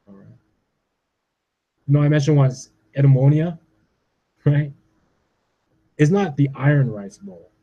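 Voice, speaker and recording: A man's voice: medium pitch, warm tone, slightly rough, lo-fi sound. A man in his forties from Canada, delivering a profane, agitated rant and ending his points with "all right?". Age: 40s. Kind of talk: ranting monologue.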